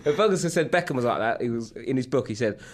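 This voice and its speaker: A man hosting a podcast, chatting loosely and reading out news items with quick restarts. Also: mid-range voice, animated. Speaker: podcast host.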